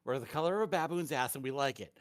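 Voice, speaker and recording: A man's voice: medium pitch, expressive, quick pace, dry recording, clean studio sound. Playful man thinking aloud. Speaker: player. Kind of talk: casual chat at a tabletop game.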